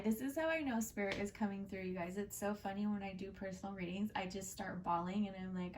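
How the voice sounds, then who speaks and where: A woman's voice: medium pitch, a little fast, recorded from a distance, a little hiss or hum. A woman giving a casual, heartfelt tarot reading, chatty and full of fillers. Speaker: tarot card reader and channel host.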